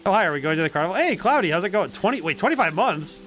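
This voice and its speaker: A man's voice: high voice, very animated, rapid-fire, a bit bright. A man streaming a story game, giving casual commentary and musing aloud in a rambling way. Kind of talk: casual let's-play commentary.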